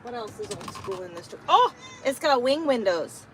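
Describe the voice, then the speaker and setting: A woman's voice: on the high side, big pitch swings, normal speed, fairly bright tone, slight background noise, low-quality recording. A woman truck driver chatting casually on a live stream from inside her truck cab, talking to her viewers and her cat.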